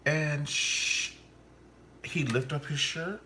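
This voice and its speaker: Deep-voiced man ranting about a TV show. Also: lively intonation, moderate pace, sharp tone, a little hiss or hum. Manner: blunt, profane, theatrical swings in pitch. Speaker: TV show reviewer. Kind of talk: ranting commentary vlog.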